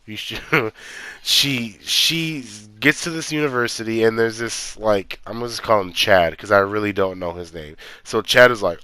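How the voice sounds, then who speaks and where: A man's voice: medium pitch, moderate pace, sharp tone, smooth, no room sound. Exasperated man ranting about a movie. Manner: exasperated, incredulous, many fillers like "like". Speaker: movie reviewer. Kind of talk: casual movie rant.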